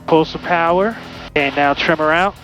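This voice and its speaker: A man's voice: fairly high pitch, normal speed, a bit bright, muffled recording, soft background music. A man from Pittsburgh, a student pilot talking viewers through his flight from the cockpit in a chatty, upbeat way. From Pittsburgh, USA. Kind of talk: casual cockpit narration. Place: small plane cockpit in flight.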